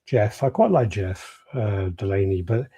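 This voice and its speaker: A man with a fairly low, mellow and husky voice talks through his point on a casual podcast. He often stumbles and repeats words while he thinks aloud. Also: animated, measured pace, dry recording. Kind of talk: casual chat.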